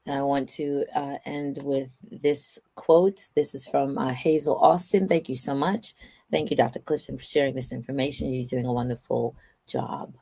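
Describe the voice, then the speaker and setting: Low-voiced woman hosting a chat. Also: moderate pace, gravelly, slightly rough. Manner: lively, playful storytelling. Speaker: host. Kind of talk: casual chat.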